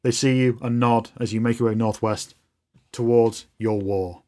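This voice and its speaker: A man's voice: mid-range voice, fairly even intonation, normal speed, warm tone. A man narrating a tabletop role-playing game as game master, describing scenes in a loose, storytelling way.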